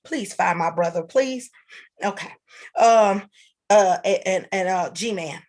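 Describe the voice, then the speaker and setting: A woman's voice: mid-range voice, a little mellow. Upset woman stammering on a livestream. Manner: agitated, halting, many restarts and stammers. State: upset, near tears. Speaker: livestream host. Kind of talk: upset livestream address to viewers.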